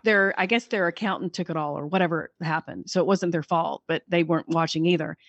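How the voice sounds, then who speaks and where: A woman's voice: on the low side, a little fast, lo-fi sound. A middle-aged woman, a guest author, chatting enthusiastically and rambling on a casual podcast. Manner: enthusiastic, rambling, many restarts.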